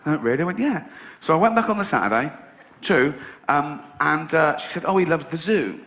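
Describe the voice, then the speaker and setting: A man performing a stand-up comedy routine to a live audience, with a sarcastic, deadpan delivery broken by loud outbursts. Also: on the high side, a little fast. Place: large venue with audience. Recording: echoey live venue, audience noise. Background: audience laughter.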